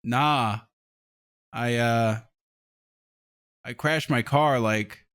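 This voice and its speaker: A man's voice: medium pitch, very slow, a bit bright. A young man co-hosting a podcast, teasing his friends and telling anecdotes in casual chat, often with a chuckle. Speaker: podcast co-host.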